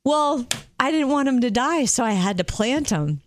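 A woman's voice: a little high, very animated, moderate pace, no room sound. A middle-aged woman co-hosting a radio show, telling a story in casual chat and acting out the voices of others. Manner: chatty storyteller, acts out quoted voices. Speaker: radio co-host.

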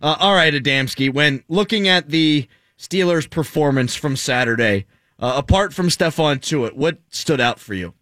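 Lively, bright-voiced radio host man. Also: on the high side, normal speed, dry recording, studio quality. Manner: pushy, teasing banter. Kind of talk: sports talk radio hosting.

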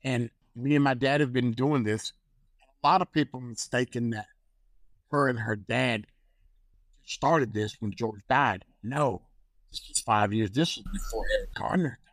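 A man's voice: mid-range voice, measured pace, pauses often, no room sound, rough recording. An older man, a guest activist, telling a story with animation and acting out phone calls in different voices. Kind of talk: storytelling in a conversation.

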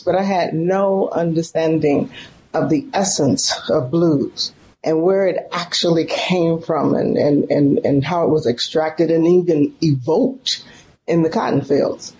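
A woman's voice: fairly low pitch, dark tone, a little hiss or hum. A middle-aged woman from San Francisco, a professor telling an emotional story as a guest in an interview. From San Francisco, California.

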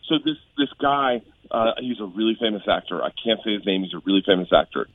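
Animated laughing man telling stories. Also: quick pace, dry recording, narrow, tinny audio. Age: middle-aged. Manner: animated, laughing storyteller, shouts quotes high. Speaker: comedian guest. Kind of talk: storytelling on a radio show.

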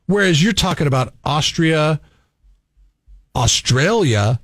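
A man co-hosting a radio morning show, chatting in an animated, opinionated way. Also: on the high side, slow, no echo. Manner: animated, opinionated, chuckles while talking. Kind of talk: casual radio banter.

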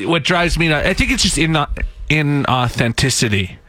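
Co-host man, teasing conversational banter, bright voice, dry close sound. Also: a little high, very animated, normal speed, dry recording. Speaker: radio co-host. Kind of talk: casual on-air banter.

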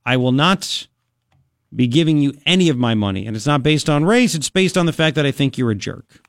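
A man's voice: a little high, expressive, fairly quick, no room sound, studio quality. A man hosting a talk radio show, brash and joking, rambling in casual chat. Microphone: studio microphone.

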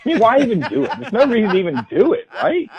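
A man who is a guest college football writer on a radio interview, making a fast, emphatic argument that builds point by point. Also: very high-pitched, very animated, dull audio, a crowd in the background.

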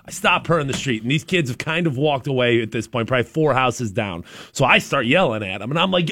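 A man co-hosting a casual podcast, telling a story with animated energy and loudly acting out his own yelling. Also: mid-range voice, a little fast. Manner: animated, acts out his own shouting in stories. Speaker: podcast co-host.

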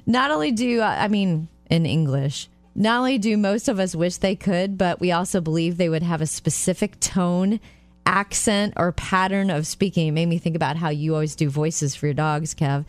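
A female radio co-host who chats brightly and laughs easily between stories. Her voice is dry and close to the mic. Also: on the low side, no echo, soft background music. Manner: bright, chatty, quick to laugh. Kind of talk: casual radio chat and story reading.

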